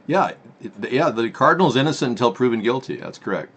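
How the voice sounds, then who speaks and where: A man's voice: medium pitch, lively intonation, fairly quick, a bit bright, slightly rough. A man hosting a casual political live stream, reading out headlines and muttering his reactions.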